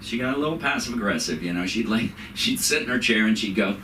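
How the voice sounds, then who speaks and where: A middle-aged man performs stand-up on a comedy club stage, his delivery halting and full of restarts. His pitch leaps around as he chuckles at his own lines. The sound is distant and roomy, with steady noise behind him. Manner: rambling, halting, laughs at own jokes. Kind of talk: open-mic stand-up set. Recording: echoey room, far from the mic, noisy.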